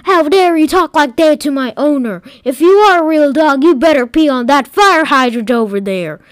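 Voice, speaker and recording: A woman voicing an angry guard dog in a storybook tale, scolding loudly in a raised voice. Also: expressive, normal speed, no echo. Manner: loud, scolding, high-pitched.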